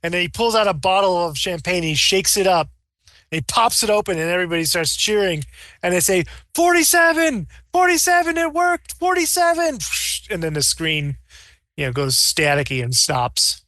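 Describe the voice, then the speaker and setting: A man narrating as game master of a tabletop game, rambling and animated, slipping into character voices. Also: a little high, normal speed, no room sound, clean studio sound.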